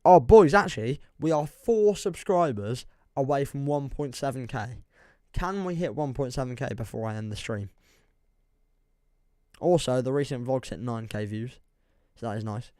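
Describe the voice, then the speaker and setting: A man's voice: medium pitch, lively intonation, moderate pace, darkish tone, smooth, no room sound, studio quality. A young man with an English accent chatting casually on a football livestream, rambling and laughing as he reads the chat. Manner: rambling, self-deprecating, reads chat aloud, laughs often.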